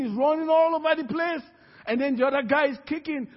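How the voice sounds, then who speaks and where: A man preaching a sermon as pastor, telling the story in a lively way and acting out scenes in different voices. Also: very high voice, brisk. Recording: reverberant hall, dull sound.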